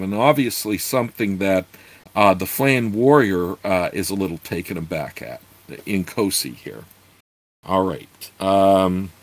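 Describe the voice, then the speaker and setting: A man's voice: lowish voice, dry recording. A man reading a fantasy novel aloud and breaking off for hesitant commentary with many fillers. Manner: hesitant asides full of fillers, formal reading voice. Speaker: reader and commentator.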